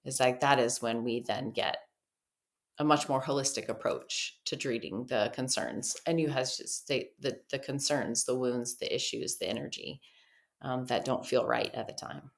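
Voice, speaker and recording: A woman guest on a podcast, a clinical officer at a treatment center, telling lively stories and acting out quoted dialogue. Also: very deep voice, normal speed, creaky. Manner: lively storyteller who acts out quoted dialogue. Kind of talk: podcast conversation, storytelling.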